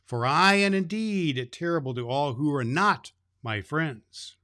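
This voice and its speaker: A man reading aloud as a proud, fierce female lioness who speaks slowly and regally. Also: on the high side, lively intonation, pushed and bright, dry recording, clean studio sound.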